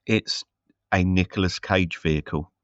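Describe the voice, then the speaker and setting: A man's voice: sits low, fairly even intonation, a little slow, dry recording, dull audio. A man co-hosting a casual film review chat, rambling with many fillers and restarts. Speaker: podcast co-host.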